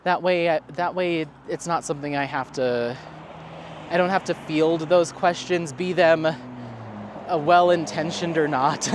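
Out on a neighborhood dog walk, a man who makes crafting vlogs talks casually to the camera, responding to viewers' comments. He speaks slowly in a highish voice, rambles, laughs at himself a lot, and the background is noisy.

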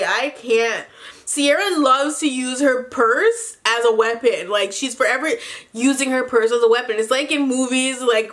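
Woman spilling reality tv tea on her vlog, highish bright voice, cackling and cussing a lot. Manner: animated, gossipy, laughs often, profane. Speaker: TV recap vlogger. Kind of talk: casual reality TV recap.

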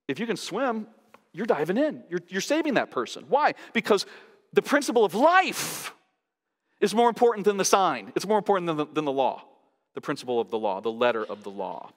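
A man preaching a sermon as pastor, emphatic, pushing his pitch up sharply to stress each point. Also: very animated, moderate pace. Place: large church sanctuary. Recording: long hall reverb.

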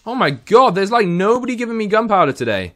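Young male gaming host, slightly high pitch, excitable running commentary. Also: fast talker. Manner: excitable, talks to the game mobs. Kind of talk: Let's Play commentary.

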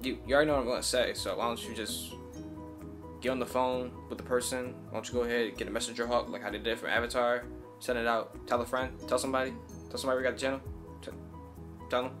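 Young male game streamer, mid-pitched, jittery live commentary that spikes into shouts, faint music. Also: quick pace. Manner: excitable, talks to viewers, bursts into high yelling. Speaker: gaming channel host.

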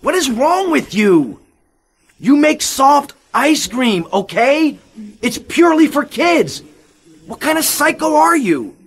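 An exasperated tough gangster. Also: male voice, extremely high pitch, sing-song, slow pace, exaggerated voice. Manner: gruff, exasperated, snapping. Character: tough, irritable male gangster lead. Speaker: game protagonist. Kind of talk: video game cutscene voice acting.

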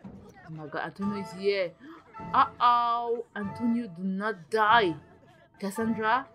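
A young woman giving casual, excitable commentary while playing a video game, gasping and exclaiming often. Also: medium pitch, slow pace, faint music behind. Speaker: gaming channel host.

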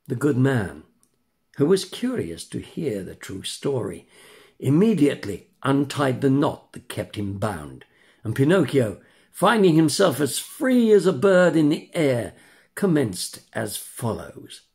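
An older man from England, narrating a children's story in a measured, expressive way. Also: medium pitch, gravelly. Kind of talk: storybook reading.

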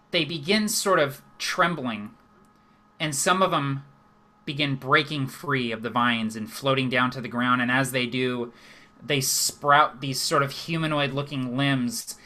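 A man's voice: mid-range voice, pushed and bright. A young man running a tabletop game as game master, narrating scenes descriptively and stumbling over fillers and repeated words.

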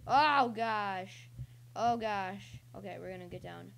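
A young female channel host speaks slowly in a creaky, medium-pitched voice while casually commentating on her online gameplay. Her talk rambles, punctuated by excited yelps and cheers.

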